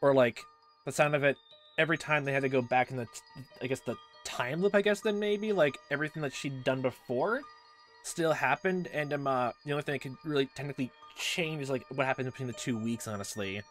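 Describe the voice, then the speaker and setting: A let's play host muses aloud in casual commentary, rambling through fillers and trailing asides. Faint game music runs quietly underneath. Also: medium pitch, brisk.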